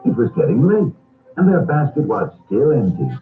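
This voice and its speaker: A man narrating a storybook cartoon, reading aloud in a measured, expressive way. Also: mid-range voice, echoey room. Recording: tinny old record with music.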